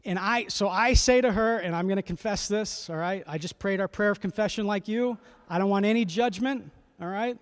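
Male pastor, 30s, slightly high voice, chatty sermon storytelling, checks in with the congregation. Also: brisk, few pauses, clear, resonant tone. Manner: conversational, checks in with listeners.

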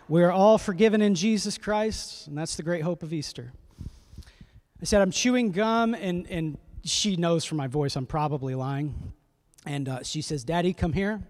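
Male pastor, 30s, slightly high voice, chatty sermon storytelling, checks in with the congregation. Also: darkish tone. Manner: conversational, checks in with listeners.

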